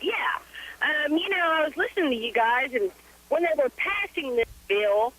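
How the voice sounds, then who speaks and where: An older woman calling in to a talk radio show, speaking in a high, sharp voice. She is blunt and emphatic and repeats her points with indignation. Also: expressive, normal speed, poor audio. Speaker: caller. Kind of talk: call-in rant.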